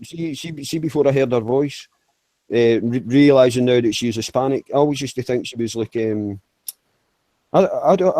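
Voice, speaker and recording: A man's voice: medium pitch, dark tone, dry recording, poor audio. A man chatting casually, rambling with stammered restarts and frequent swearing. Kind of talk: casual chat.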